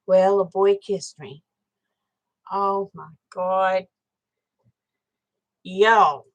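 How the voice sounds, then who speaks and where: Slow-talking woman telling stories. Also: medium pitch, fairly even intonation, poor audio. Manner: frank, chatty, swears casually, talks straight to viewers. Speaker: live-stream host. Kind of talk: casual live-stream storytelling.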